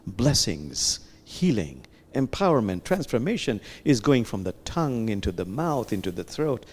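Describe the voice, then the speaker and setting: A man leading a slow, soft, prayerful guided heart meditation during a worship service, pausing often. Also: fairly low pitch, big pitch swings, breathy edge. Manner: slow, soft, prayerful guidance with long pauses.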